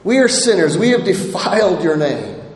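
Pastor, male, very high-pitched, earnest sermon delivery, roomy hall reverb. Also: sing-song. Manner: earnest, repeats "right?" often, reads scripture slowly. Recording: echoey hall with long reverb.

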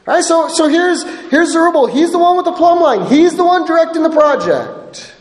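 High-voiced man preaching in an echoey hall. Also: expressive, moderate pace. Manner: emphatic, keeps asking "right?". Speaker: pastor. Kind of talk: sermon. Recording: echoey hall with long reverb.

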